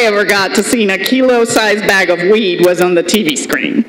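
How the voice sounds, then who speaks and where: A woman's voice: medium pitch, normal speed, a bit bright, slight background noise. A middle-aged woman with a Colombian Spanish accent giving a commencement speech, telling funny stories from her student days. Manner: humorous anecdotal storytelling. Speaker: commencement speaker. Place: large ceremony hall. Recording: echoey hall with long reverb.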